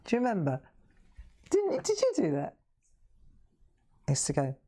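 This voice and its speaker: A woman's voice: fairly low pitch, huge pitch swings, moderate pace, warm tone, slight background noise. A woman hosting a live colouring demonstration, chatting, laughing often and making self-mocking asides. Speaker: craft show host.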